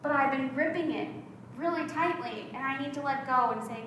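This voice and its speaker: Woman pastor telling stories in a sermon, crisp bright voice, big echoey church. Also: high voice, normal speed, far from the mic, slight background noise. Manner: lively storytelling, acts out quotes. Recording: very echoey hall.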